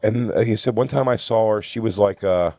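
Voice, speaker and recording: Brief: male podcast co-host, lowish voice, dry close mic, rambling swear-filled anecdote. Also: a little fast, dry recording. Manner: rambling, profane, animated quoting of others. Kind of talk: casual storytelling among friends.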